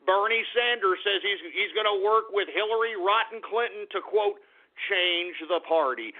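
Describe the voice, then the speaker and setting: Brief: male talk radio host, profane angry rant, higher voice, lo-fi phone-line sound. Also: normal speed. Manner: ranting, profane, shouting outbursts. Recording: tinny phone-like radio audio.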